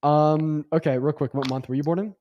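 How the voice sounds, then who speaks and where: A man's voice: fairly high pitch, steady tone, a little fast, highs cut off, slight background noise. A young adult man hosting a livestream debate, casual and rambling with lots of fillers, often sarcastic.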